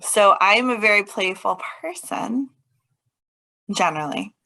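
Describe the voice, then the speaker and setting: A woman's voice: mid-range voice, expressive, measured pace, vocal fry, pushed and bright, rough recording. A woman co-hosting a podcast in casual chat, thoughtful, with hesitant starts. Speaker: podcast co-host.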